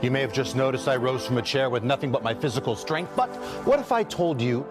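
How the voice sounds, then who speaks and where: A grand, theatrical stage magician, played by a man performs showy patter in a TV clip. His pitch swoops widely as he builds drama, and loud music plays underneath. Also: expressive, fast, close to an everyday voice. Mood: grandiose.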